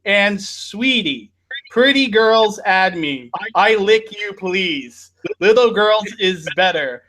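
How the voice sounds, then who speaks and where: Man puts on sleazy creep voice, mock-reading, a bit high and sharp. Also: lively intonation, slow pace, a little hiss or hum, heavily acted, low-quality recording. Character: sleazy adult male online stranger.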